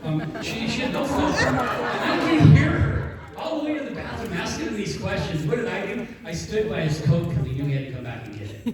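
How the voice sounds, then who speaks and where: A man giving an energetic motivational talk to an audience, telling stories and acting out both sides of a conversation. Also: high voice, fast talker, a loud crowd. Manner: energetic storytelling, acts out dialogue. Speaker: network marketing speaker. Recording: echoey hall, mic from a distance.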